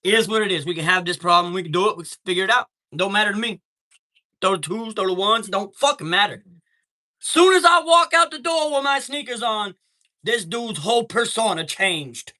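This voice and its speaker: A man's voice: sits high, animated, fairly quick, bright, forceful tone. A man hosting a live stream, telling a heated story in a profane, streetwise way and greeting viewers from chat.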